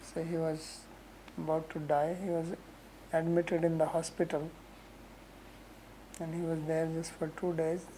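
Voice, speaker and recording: A woman who teaches scripture verses, explaining them slowly with homely examples and frequent "right?" asides. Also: low-pitched, completely flat delivery, warm tone, a little hiss or hum, rough recording. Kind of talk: lecture on Sanskrit verses.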